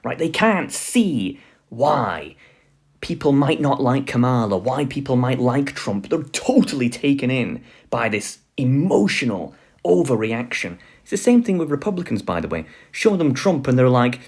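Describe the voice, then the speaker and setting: Lively, husky man lecturing casually. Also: medium pitch, unhurried. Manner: loose and filler-heavy, laughing often. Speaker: online lecturer.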